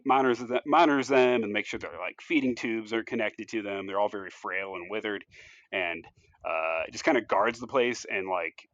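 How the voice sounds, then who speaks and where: Rambling low-voiced man, dry dull mic. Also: a bit bright, no room sound. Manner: rambling, loose storytelling full of "like" and "you know", frequent restarts. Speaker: podcast co-host pitching a movie idea. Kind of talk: casual chat.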